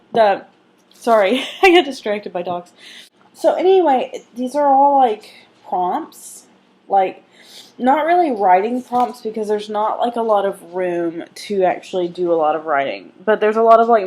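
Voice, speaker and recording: A young woman vlogging in a casual, rambling way, full of fillers and restarts, with a stuffy nose. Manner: rambling, many fillers and restarts, laughs easily; coos softly and high when calling her dogs. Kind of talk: casual chat.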